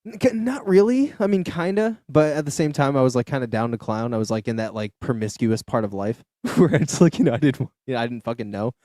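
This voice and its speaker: A man's voice: medium pitch, brisk, hardly any pauses, mellow, dry recording, studio quality. A young man hosting a podcast, telling a loose story full of swearing and fillers. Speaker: podcast host. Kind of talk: casual storytelling chat. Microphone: studio podcast mic.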